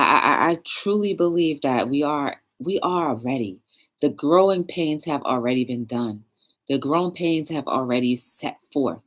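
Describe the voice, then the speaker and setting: A woman's voice: low voice, slightly rough. A woman hosting a live talk show, speaking earnestly and emotionally, close to tears. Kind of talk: live stream monologue.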